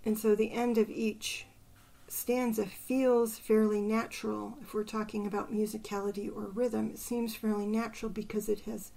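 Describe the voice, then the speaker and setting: An older woman hosting a poetry channel, thinking aloud and softly counting syllables under her breath as she picks a poem apart. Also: mid-range voice, level tone, moderate pace, creaky. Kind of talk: casual poetry analysis.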